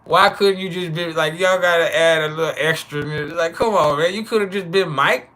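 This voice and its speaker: Livestream host, male, 30s, loose joking delivery with lots of laughs, bright and forceful. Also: on the high side. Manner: loose, joking, laughs often, drawn-out names. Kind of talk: casual live chat with viewers.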